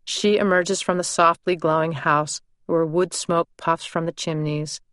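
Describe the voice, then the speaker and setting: A woman narrating her own memoir in a measured, deliberate first-person reading. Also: on the low side, fairly even intonation, a bit bright, dry recording, clean studio sound.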